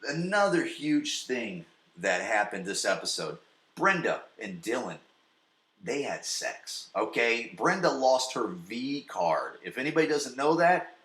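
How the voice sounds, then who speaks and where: A man in his forties hosting a podcast from his basement, recapping an episode in a rambling, profane, excitable way. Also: mid-range voice, unhurried, reverberant. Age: 40s. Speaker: podcast host. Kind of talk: casual solo recap. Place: home basement.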